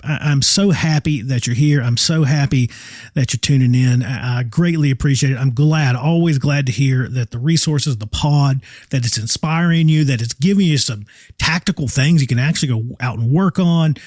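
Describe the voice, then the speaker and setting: A man's voice: on the high side, darkish tone, no room sound. A man hosting a casual solo podcast, talking in a folksy, enthusiastic, rambling way from home. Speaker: podcast host.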